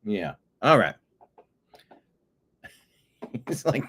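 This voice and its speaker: Slow, chatty man hosting from home. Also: low voice, big pitch swings, fairly bright tone. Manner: chatty, talks to his cat between stories. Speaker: host. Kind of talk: casual online commentary.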